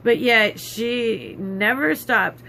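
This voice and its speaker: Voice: mid-range voice, expressive, extremely slow, creaky, pushed and bright, slight background noise. An adult vlogger telling a long personal story in a rambling, bitter, indignant way, with many fillers.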